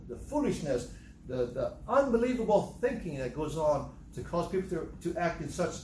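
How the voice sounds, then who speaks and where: A man's voice: a little high, darkish tone, roomy sound, a little hiss or hum, rough recording. A man preaching a sermon as pastor. He repeats phrases and breaks into sudden raised outbursts.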